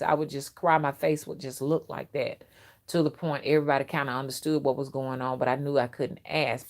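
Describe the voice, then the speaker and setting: A middle-aged woman chats outspokenly into her phone, her voice sitting a little low. She rambles through childhood stories with restarts and lively asides. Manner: chatty, outspoken, animated with frequent restarts. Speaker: livestream host and rootworker. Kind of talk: casual storytelling to a live chat.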